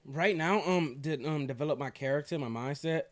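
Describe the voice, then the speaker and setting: This is a young man with a Southern drawl who rattles along fast, slurring his words and cussing freely as a podcast guest. The sound is dry and close, with no room echo. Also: fairly high pitch. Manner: loose, profane, drawling, slurs words. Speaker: guest, marketing agency owner. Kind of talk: casual podcast conversation.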